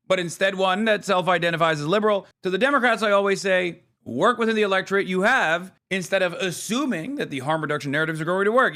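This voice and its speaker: A man's voice: sits high, fairly bright tone. A man in his thirties, a streamer doing live reaction commentary on politics, ranting in a profane, sarcastic way.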